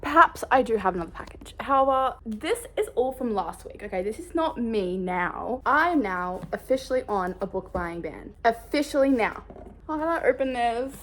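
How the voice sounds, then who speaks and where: A woman vlogging in a casual, rambling way, bubbly and excitable. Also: fairly high pitch, normal speed. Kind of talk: casual chat.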